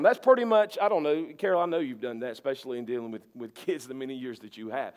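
A male pastor with a drawl preaching in a notably high voice. He hammers key words again and again and swings between loud bursts and quiet asides. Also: expressive, a little fast. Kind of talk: sermon.

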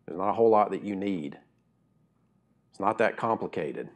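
A middle-aged man preaching a sermon in a casual, conversational way, swinging from quiet, slow asides to loud, high emphatic bursts. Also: animated. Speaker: pastor.

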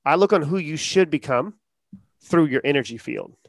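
A man talking casually as a podcast guest, acting out quotes in lively storytelling. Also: on the high side, normal speed, gravelly, dry recording, studio quality. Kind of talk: casual interview talk.

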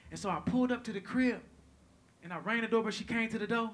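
A man telling a stand-up comedy story onstage, animated and profane, swinging between loud bursts and hushed asides. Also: high-pitched, fast talker. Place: comedy stage before live audience.

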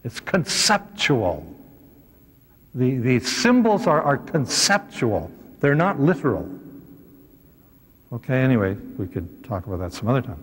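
A man, a priest, giving an animated, conversational teaching talk to a live audience, with humorous asides. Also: mid-range voice, unhurried, pauses often, slightly rough. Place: hall with a seated audience. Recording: echoey hall.

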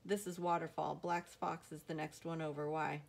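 A woman's voice: low-pitched, level tone, moderate pace, vocal fry. A woman voicing a plain-spoken farmer father with dry humor in an audiobook reading. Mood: matter-of-fact.

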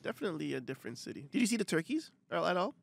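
A man's voice: on the high side, big pitch swings, racing, gravelly, fairly bright tone, slight background noise. A man co-hosting a podcast, chatting casually in a laid-back way. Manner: laid-back, short replies and laughs. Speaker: podcast co-host. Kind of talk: casual chat.

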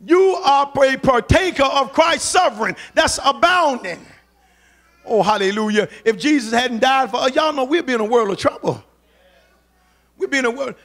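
A man's voice: extremely high pitch, a bit bright. A man preaching a sermon, urging the congregation on in a fervent, colloquial way and repeating phrases for emphasis.

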